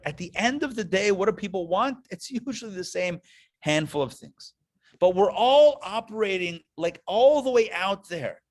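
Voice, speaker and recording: A rabbi gives a lively, storytelling lecture to a live class, his voice sitting high. He talks conversationally and checks in with the audience through quick questions.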